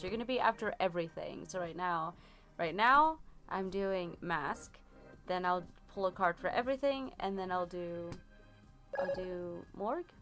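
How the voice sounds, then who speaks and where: A woman's voice: fairly low pitch, fairly bright tone. Chatty woman giving a tarot reading. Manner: chatty, rambling with many fillers. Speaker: tarot reader. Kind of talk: live-stream tarot reading.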